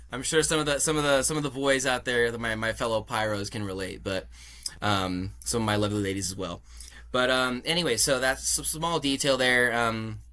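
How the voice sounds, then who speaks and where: Bright-voiced, lively storytelling man. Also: on the low side. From California. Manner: animated, laughs often, acts out dialogue. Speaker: podcast guest. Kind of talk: casual storytelling interview.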